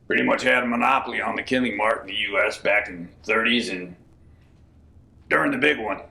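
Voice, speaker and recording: A man telling folksy tall tales in a deadpan comic interview. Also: lowish voice, fairly quick, vocal fry. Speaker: comic storyteller.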